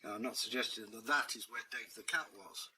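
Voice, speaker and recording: A man's voice: lowish voice, fairly quick, background noise. A man telling a story in a wry, conversational way. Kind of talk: casual storytelling narration.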